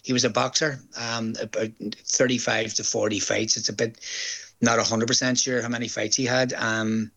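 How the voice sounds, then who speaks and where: An older man with a Northern Irish accent talks through an interview in a relaxed, chatty way. He tells stories from his acting work and jumps up in pitch to act out the people he quotes. His voice sits at an ordinary middle pitch for a man. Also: moderate pace, vocal fry. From Northern Ireland. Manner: chatty storyteller, quotes others in lively voices. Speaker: stage actor guest. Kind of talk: casual interview chat.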